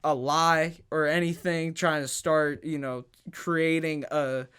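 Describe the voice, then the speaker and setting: A man's voice: a little high, level tone, takes it slowly, fairly bright tone, clean tone. A man hosting a sports podcast, arguing heatedly, stammering and restarting, pressing home his points with rhetorical questions. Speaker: podcast host.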